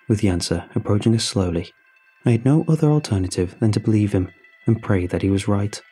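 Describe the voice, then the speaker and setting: Male horror narrator, dark husky low voice, faint music bed. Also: a little fast. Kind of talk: scripted horror story narration. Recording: soft music underneath.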